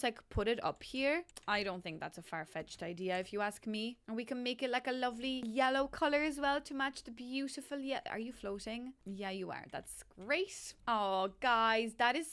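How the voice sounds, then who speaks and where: A woman hosts a casual gameplay build, musing aloud as she counts through items and weighs each choice. Her voice sits a little high, and she keeps the talk light and self-amused throughout. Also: moderate pace, hardly any pauses, a bit bright, clean tone. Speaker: game builder and channel host.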